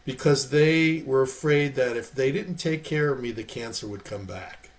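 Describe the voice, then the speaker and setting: A man's voice: mid-range voice, normal speed. A man hosting a podcast interview, talking emphatically and throwing in rhetorical questions. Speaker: podcast host. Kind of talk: casual interview chat.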